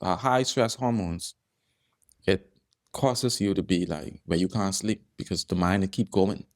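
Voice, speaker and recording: Low and unhurried, this man's voice belongs to a holistic health doctor appearing as a podcast guest. Chatting casually, he uses stories to explain health, frequently repeating phrases to stress them.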